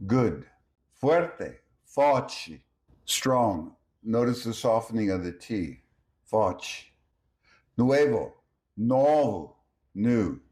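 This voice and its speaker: A man teaching a language lesson, reading example words slowly one at a time in a measured way. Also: mid-range voice, a little mellow. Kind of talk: slow scripted language lesson.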